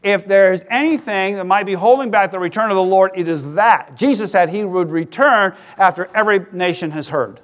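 A middle-aged man preaching in a loose, joking sermon voice that sits fairly high. He talks to the congregation like a friend, then rises to loud emphatic peaks. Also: normal speed, few pauses, lo-fi sound. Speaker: pastor.

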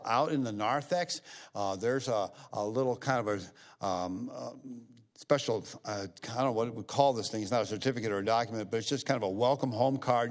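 A middle-aged man speaks from the front of a church as pastor. He is folksy and loose, repeats himself, and grows livelier when he retells a scripture story. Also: fairly low pitch. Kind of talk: church service announcements and offering talk. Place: church sanctuary.

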